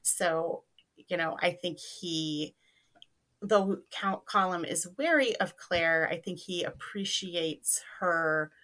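Female co-host; slow, bright, reflective conversational delivery with lots of hedging. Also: fairly low pitch. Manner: thoughtful, hedging with many fillers. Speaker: podcast co-host. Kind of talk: casual fan discussion.

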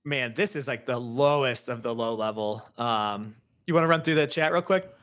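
A man co-hosting a casual podcast breaks down a fight. His voice sits at an ordinary middle pitch. He speaks bluntly and dismissively. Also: moderate pace, fairly bright tone. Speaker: podcast co-host. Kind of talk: casual podcast chat about fight picks.

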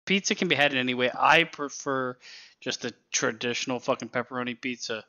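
Brief: young male podcast co-host, bright, animated delivery, loose and profane. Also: mid-range voice, a little fast, lo-fi sound. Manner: animated, swears freely, laughs often. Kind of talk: casual chat.

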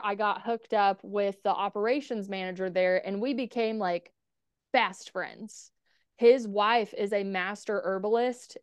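A woman's voice: medium pitch, clear, resonant tone, no echo, studio quality. A woman guest on a podcast telling stories in a casual, candid way, swearing freely and acting out conversations. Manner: candid, swears freely, quotes herself and others in dialogue. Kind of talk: casual storytelling interview.

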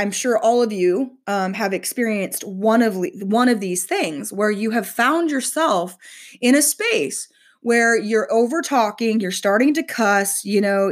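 A middle-aged woman giving a casual spiritual teaching talk, chatty and animated, with playful asides. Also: mid-range voice.

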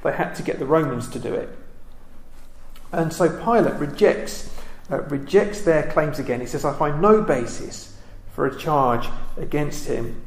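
A man giving a reflective Bible study talk, pausing often with ums and restarting his sentences. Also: a little high, roomy sound. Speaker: Bible teacher.

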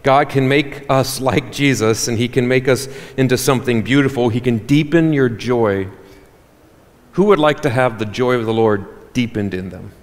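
A man preaching a sermon as pastor, animated and joking with the congregation. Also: mid-range voice, normal speed. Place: church hall. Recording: reverberant church hall.

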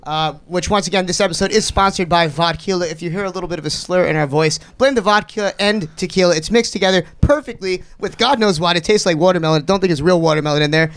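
A man's voice: high-pitched, fast, few pauses, fairly bright tone, clean tone, no echo. A man hosting a talk show, joking, cutting in and reading sponsor plugs. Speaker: host.

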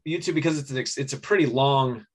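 A man co-hosting a casual movie podcast, rambling with many restarts and frequent throat clearing. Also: medium pitch, fast talker. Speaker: podcast co-host. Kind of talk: casual chat about movies.

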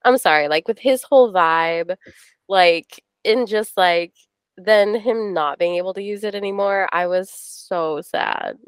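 A woman's voice: mid-range voice, measured pace, smooth, no echo. A woman co-hosting a casual podcast chat, gushing about what she loved and leaning on "like" constantly. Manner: gushing, leans on "like". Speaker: podcast co-host.

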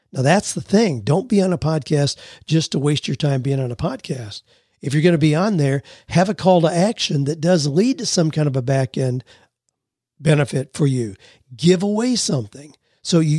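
A man hosts a solo advice podcast in a folksy, earnest voice that sits a bit high for a man. He lays out practical tips one step after another. The sound is dry and close, with no room echo. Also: mellow. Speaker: podcast host. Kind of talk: solo advice podcast, answering listener questions.

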